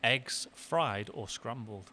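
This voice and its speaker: A man hosting a podcast, chatting casually and asking quick-fire questions over afternoon tea in a restaurant. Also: mid-range voice, sharp tone. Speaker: podcast host, marketing director. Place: restaurant in the city.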